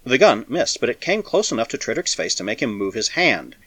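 A man narrating a science fiction story with a dramatic, expressive reading. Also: medium pitch, brisk, slightly rough, dry recording. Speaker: audiobook narrator.

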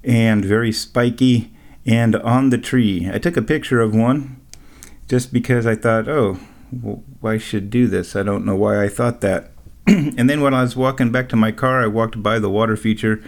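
A middle-aged man rambles through a casual solo monologue at an ordinary mid pitch. He keeps chuckling at his own tales and drops dry, sarcastic asides along the way. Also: steady tone, a little slow. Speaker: vlogger.

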